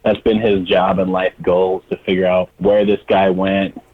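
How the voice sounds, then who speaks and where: A man's voice: sits low, flat delivery, normal speed. A man guesting on a podcast as a wrestler, laid-back and laughing often, with hesitant fillers. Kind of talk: casual chat. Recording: husky, tinny phone line.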